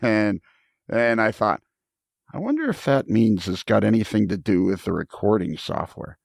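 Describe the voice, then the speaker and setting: A man's voice: on the low side, sing-song, normal speed, vocal fry, no room sound. A man hosting a podcast, telling a rambling, self-deprecating story in casual chat from a studio. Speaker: podcast host. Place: recording studio.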